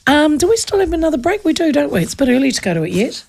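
A woman hosting a radio show, talking. She chats casually and rambles from one story to the next, often restarting her sentences. Her voice has a gravelly, creaky edge. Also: high voice, very animated, racing, darkish tone. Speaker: radio host. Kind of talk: casual chat.

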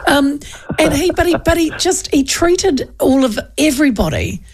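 A woman's voice: sits high, very animated, normal speed, darkish tone. A New Zealand woman in her fifties, hosting a casual radio chat in a chatty, storytelling way with lots of restarts. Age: 50s. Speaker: radio host. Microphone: studio mic with headphones.

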